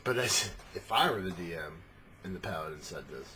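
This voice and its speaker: Rambling, swearing man with a low voice. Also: expressive, a little fast, sharp tone, a little hiss or hum. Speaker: tabletop game talker. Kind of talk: casual monologue.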